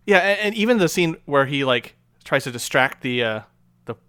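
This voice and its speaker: A man's voice: fairly high pitch, lively intonation, moderate pace, pushed and bright, clear, resonant tone, no room sound. A man in a casual movie review chat, easygoing and rambling, saying "yeah" a lot.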